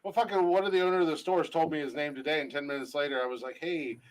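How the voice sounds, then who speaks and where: A man's voice: on the high side, fairly even intonation, rapid-fire, a little hiss or hum, low-quality recording. A man co-hosting a casual podcast chat, telling rambling stories with restarts and swearing. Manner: rambling storyteller with restarts and profanity. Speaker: podcast co-host.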